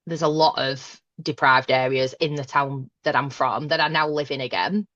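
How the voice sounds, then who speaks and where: A woman's voice: extremely low pitch, fairly even intonation, moderate pace, a bit bright, no echo, muffled recording. A woman with a broad Lancashire accent from Burnley, a guest in a casual interview chat, frank and self-deprecating. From Burnley, Lancashire, England. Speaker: podcast guest, manager.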